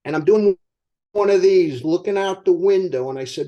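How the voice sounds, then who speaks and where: High-voiced older man telling sales stories. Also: normal speed. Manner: animated storyteller asking the audience rhetorical questions. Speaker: company co-founder speaking to sales team. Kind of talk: motivational sales storytelling.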